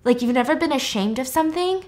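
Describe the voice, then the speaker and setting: A flustered young male doctor stammers out excuses, voiced by a woman retelling the plot. He grows defensive and raises his voice. The voice is pitched high for a man. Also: expressive, fast talker. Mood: defensive, angry. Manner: stammering, then defensive and loud.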